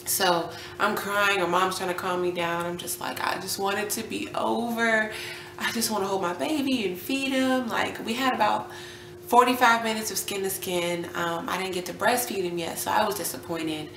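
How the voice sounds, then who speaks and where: A medium-pitched young woman, a vlogger and new mother, casually recounts a personal story at a moderate pace, animatedly performing what others said and at times nearly whispering. The recording has echo, faint ambience, and a little hiss or hum.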